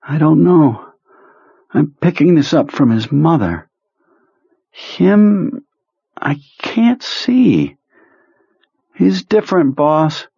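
A sick, despairing man voiced by a male narrator speaks in a strained, gasping voice pitched well above the reader's own. His husky tone is slow and drawn out with pain. The muffled lo-fi audiobook recording is dry. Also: lively intonation, warm tone, no room sound, full character voice. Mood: pained, weary. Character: sick, despairing middle-aged man, weak and pained.

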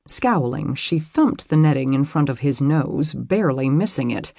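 An audiobook narrator reading a romance novel with expressive, lively storytelling. The voice moves widely in pitch and carries a husky, breathy grain. The sound is dry and close to the mic. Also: moderate pace, hardly any pauses, dry recording.

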